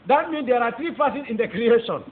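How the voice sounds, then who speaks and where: His voice is very high, lively and brisk: a Nigerian-accented convert testifying with fervor, emphatic and repeating phrases as he preaches to listeners. Faint noise and a tinny, phone-like quality color the audio.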